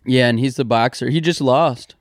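A man's voice: mid-range voice, normal speed, no room sound. A young man co-hosting a podcast in casual chat, laughing easily and rambling with lots of fillers. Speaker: podcast co-host. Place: studio.

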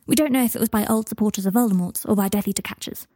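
A woman voicing a clever, caring young witch who speaks earnestly in a breathy voice. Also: mid-range voice, rapid-fire, mellow, no echo, studio quality, close to an everyday voice. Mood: exasperated.

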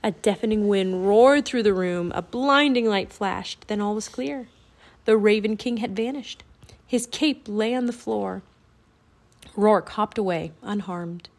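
A woman narrating a children's audiobook with clear, expressive storytelling. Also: mid-range voice, measured pace.

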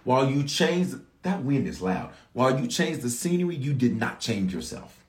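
Animated preaching man in a roomy church. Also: mid-range voice, normal speed. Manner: conversational storytelling with rising shouts of emphasis. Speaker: pastor. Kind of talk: sermon.

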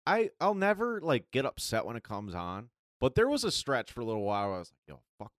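Lively mid-pitched man, emphatic podcast co-host. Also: fast talker, no echo, clean studio sound. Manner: animated, emphatic agreement. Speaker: guest co-host. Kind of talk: casual chat.

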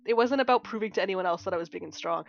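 A young woman co-hosting a podcast, telling a story in a casual, animated way, swearing often and acting out what people said. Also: medium pitch, racing, gravelly. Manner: animated storyteller, swears a lot, acts out quotes. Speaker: podcast co-host. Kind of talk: casual chat. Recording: dull lo-fi sound.

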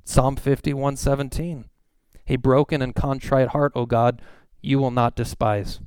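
A man preaching a sermon in a conversational way, reading scripture verses slowly and acting out the people he quotes. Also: mid-range voice, little pitch movement, darkish tone, clear, resonant tone, no echo. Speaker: pastor.

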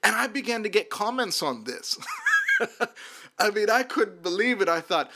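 A man's voice: high-pitched, sing-song, normal speed, sharp tone, a little hiss or hum. A man who works as a minister, telling his personal testimony earnestly and often repeating words as he restarts a sentence.

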